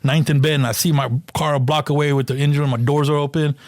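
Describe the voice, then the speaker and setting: A man's voice: a little high, fast, no room sound, clean studio sound. A middle-aged man from Kansas City, a police officer telling stories in a casual podcast chat, acting out quotes and peppering his talk with "man" and "bro". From Kansas City, USA. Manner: animated storyteller, acts out quotes, says "man" and "bro" a lot.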